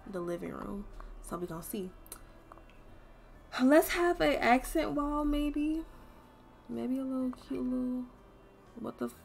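A young woman streaming a game, chatting casually to her viewers and swearing freely as she thinks out loud. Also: mid-range voice, vocal fry. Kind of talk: casual gameplay commentary.

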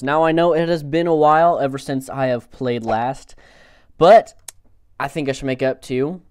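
A young man hosting a gaming channel, reacting excitably to the game with yelps and groans. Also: fairly high pitch, clean tone, dry recording, clean studio sound. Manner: excitable, frequent outbursts and groans. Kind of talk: game commentary.

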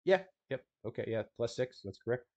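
A man running a tabletop game as game master, casual and quick to laugh, often correcting himself mid-sentence. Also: mid-range voice, animated, dark tone, dry recording, lo-fi sound.

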